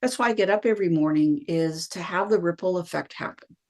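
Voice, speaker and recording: A middle-aged woman, a guest telling her own story in a lively conversational way and acting out what she thought at the time. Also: lowish voice, fairly quick. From Canada. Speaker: guest, wellness practitioner.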